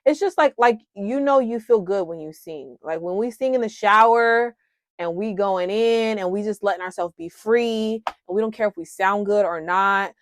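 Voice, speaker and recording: A woman in her thirties talking casually and warmly to viewers about coping skills, with frequent "um"s, calling them "y'all". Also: mid-range voice, normal speed, no echo, clean studio sound. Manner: frequent "um", addresses viewers as "y'all", laughs at herself. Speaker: wellness vlogger sharing coping skills. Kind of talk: casual heartfelt talk to viewers.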